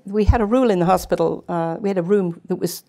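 Low, gravelly older woman. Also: fast. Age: 70s. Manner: chatty, animated anecdotes. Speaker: guest, retired nurse. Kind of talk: casual storytelling interview. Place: community TV studio.

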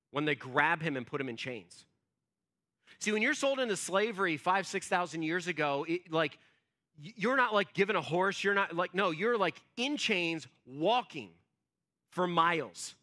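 A male pastor giving a sermon as relaxed storytelling, acting out quotes and using many fillers. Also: high voice, moderate pace. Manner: conversational storytelling, acts out quotes, frequent fillers. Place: church.

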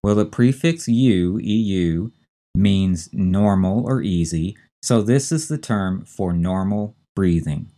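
A male instructor teaches a recorded medical terminology lecture, speaking slowly and carefully and spelling terms out letter by letter. His voice sits low with a dark tone.

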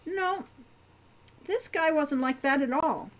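A woman's voice: high-pitched, slow pace, voice pushed up. A woman voicing a curious teenage girl adventurer who talks casually and asks eager questions.

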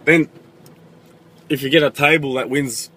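Young Australian man, sarcastic comedic monologue, bright tone. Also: mid-range voice, steady tone, unhurried, husky. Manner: sweary, sarcastic.

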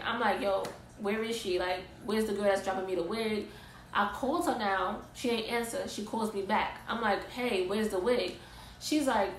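A woman's voice: mid-range voice, normal speed, reverberant, slight background noise, rough recording. Exasperated young woman telling a story. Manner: animated, exasperated storytelling with casual slang. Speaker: vlogger. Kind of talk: storytime vlog.

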